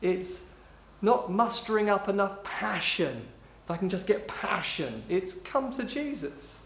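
A male preacher with a high voice delivers a sermon with emphasis. He stretches out key phrases and sinks low and soft for quotes. The sound carries a roomy echo from a church hall. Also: big pitch swings, gravelly, a little hiss or hum. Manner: emphatic, slowing down on key phrases, dropping low and quiet when quoting.

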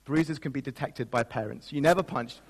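A man's voice: mid-range voice, moderate pace, husky. A man pastor giving a sermon, telling a personal story in a self-mocking way and laughing at himself. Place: church. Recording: long reverb of a church hall.

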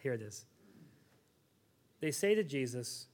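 A male pastor in his thirties delivering a sermon, his voice sitting a bit higher than most men's. He tells stories in a conversational, animated way. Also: moderate pace, pauses often.

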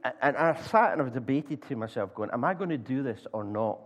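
A man with a Scottish accent preaching a sermon in church, acting out voices as he tells stories, with frequent stumbles and restarts. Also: mid-range voice. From Scotland. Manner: animated storyteller, acts out voices, halting restarts. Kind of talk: sermon with storytelling.

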